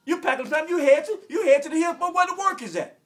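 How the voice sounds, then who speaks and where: A man in his forties from Arkansas with a Southern American accent, delivering an emotional, preachy rant that repeats phrases and bursts into shouts. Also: very high voice, lively intonation, rapid-fire. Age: 40s. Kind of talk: impassioned direct-to-camera rant.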